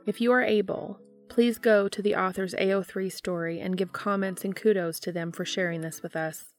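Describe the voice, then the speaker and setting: A woman reading fan fiction aloud as an audiobook narrator, with a steady, even delivery. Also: medium pitch, moderate pace, faint music behind. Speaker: podfic reader.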